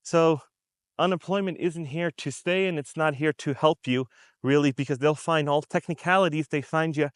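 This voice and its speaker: Talking straight to his audience, an American commentary vlogger delivers unscripted, emphatic remarks in a fairly high, clean-toned voice at normal speed. He repeats his points and imitates how people react, all in a clean studio recording free of room sound.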